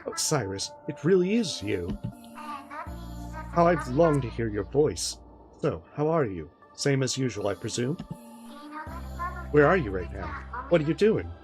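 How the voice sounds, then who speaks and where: Woman reading as a low-voiced forsaken wife. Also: sing-song, unhurried, pauses often, over music, heavily acted. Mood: pleading. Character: lonely wife clinging to her vanished husband.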